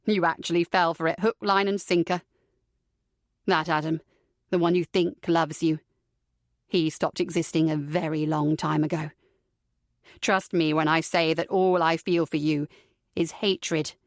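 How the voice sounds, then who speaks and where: A woman's voice: fairly low pitch, no room sound, clean studio sound, pitched below the performer's own voice, close to an everyday voice. A woman reading an audiobook, voicing a cruel, foul-mouthed young man who taunts his captive with contempt. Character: cruel sneering young man, villainous captor.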